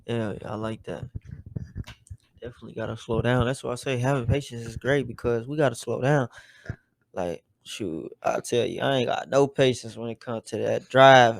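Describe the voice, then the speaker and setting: A man's voice: medium pitch, normal speed, gravelly, no echo. Male podcast co-host, casual and slangy, dead-dry close mic. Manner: laid-back, slangy, animated when making a point. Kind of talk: casual chat.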